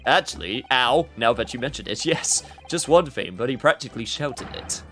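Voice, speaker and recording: A man reading as calm, polite detective-game characters. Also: medium pitch, husky, faint music behind. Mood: measured. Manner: soft, measured, formal. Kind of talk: reading game dialogue aloud.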